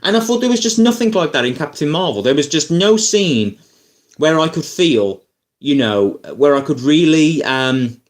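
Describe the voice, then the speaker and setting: A man ranting casually about films as a YouTuber, rambling and animated, full of fillers and asides. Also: on the high side, moderate pace. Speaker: YouTuber film reviewer. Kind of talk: casual opinion rant.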